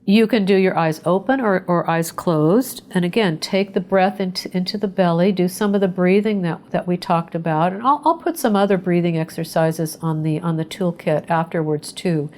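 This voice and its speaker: A woman psychotherapist leading a webinar, talking in a gentle, conversational way and guiding listeners through a mindfulness exercise. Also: fairly low pitch, normal speed, hardly any pauses. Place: indoors, remote webinar.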